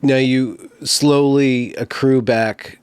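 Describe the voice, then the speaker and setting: A man's voice: mid-range voice, fairly even intonation, takes it slowly, darkish tone, slight background noise. A man hosting a casual interview, talking in a blunt, laconic and thoughtful way. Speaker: host.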